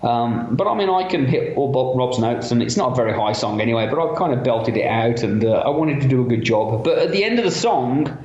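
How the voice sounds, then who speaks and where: A man's voice: mid-range voice, lively intonation, a little fast, few pauses, darkish tone. A man from England in his fifties with a Birmingham accent, a guest telling long, profane, rambling anecdotes in casual conversation. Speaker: interview guest. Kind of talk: casual storytelling. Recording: roomy, dull lo-fi sound.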